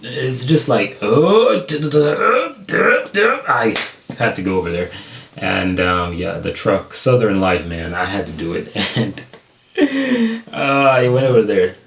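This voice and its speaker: American dude doing reaction commentary, kinda low voice, roomy echo, gets hyped and laughs a lot. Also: male voice, unhurried, gravelly, a little hiss or hum. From United States. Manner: excitable, laughing, slangy, jumps high in pitch when excited. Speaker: reaction video host.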